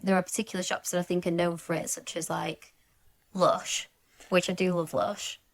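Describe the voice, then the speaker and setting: A woman co-hosting a relaxed podcast chat, speaking in a measured way as she recounts events. Her voice sits on the low side for a woman. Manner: measured, laughs often while recounting. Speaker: podcast co-host. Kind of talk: casual chat.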